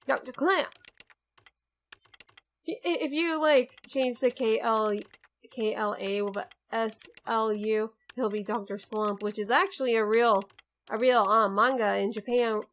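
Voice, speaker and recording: A woman's voice: fairly high pitch, steady tone, normal speed, a bit bright. A young woman giving casual, wisecracking commentary while she plays a video game. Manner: chatty and wisecracking about the game. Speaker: let's play gamer. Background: faint game music.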